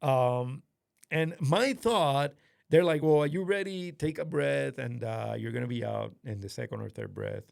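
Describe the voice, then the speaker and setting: A man host casually telling a story to a friend, animated and swearing often, acting out what others said. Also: medium pitch, a little slow, vocal fry, no echo, clean studio sound. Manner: animated, swears a lot, acts out quoted voices. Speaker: podcast host.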